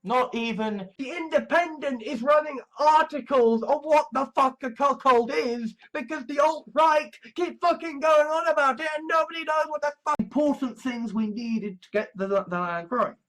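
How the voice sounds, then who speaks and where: A man's voice: very high voice, moderate pace, hardly any pauses, a bit bright. A man vlogging, rambling bluntly about politics and swearing freely. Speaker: video blogger. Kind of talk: profane ranting commentary.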